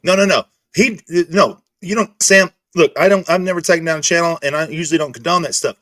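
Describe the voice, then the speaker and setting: This is a man, in his thirties, ranting on a livestream. His voice sits a little high for a man, and he swears heavily, breaking off and restarting his sentences. The sound is dry and close to the mic. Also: fast, fairly bright tone, dry recording. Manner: angry, profane, repetitive restarts. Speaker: streamer host. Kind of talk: heated livestream rant.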